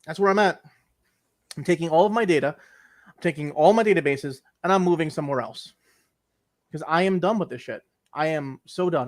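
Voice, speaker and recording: A young man co-hosting a podcast, ranting with exasperation and swearing, acting out his calls to tech support. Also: a little high. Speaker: podcast co-host. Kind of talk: casual chat.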